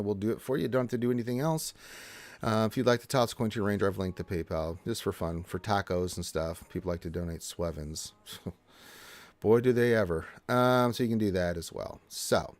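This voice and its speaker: A man hosting a casual gaming livestream from home on a close desk mic, chatty and excitable, talking to himself as he plays. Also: lowish voice, fast, no room sound. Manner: excitable, chatty, talks to himself while playing. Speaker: livestream host.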